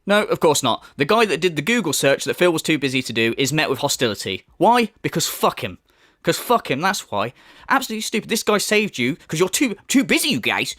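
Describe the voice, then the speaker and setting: A man tears into his subject in a furious, foul-mouthed commentary. His voice sits high and swings wildly in pitch. The sound is dry, with no room behind it. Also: big pitch swings, brisk, fairly bright tone, no echo. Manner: angry, profane, mocking. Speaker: commentary youtuber. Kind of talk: ranting commentary.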